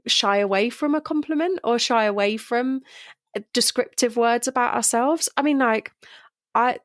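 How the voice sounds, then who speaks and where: A woman's voice: fairly high pitch, moderate pace, dry recording, clean studio sound. Chatty British woman podcast host. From Britain. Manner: chatty, lively and frank. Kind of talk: casual interview chat.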